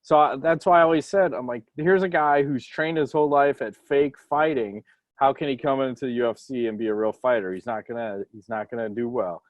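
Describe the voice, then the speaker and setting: A man's voice: mid-range voice, brisk, no echo. A man co-hosting a casual podcast chat, breaking into mocking put-on quotes. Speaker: podcast co-host.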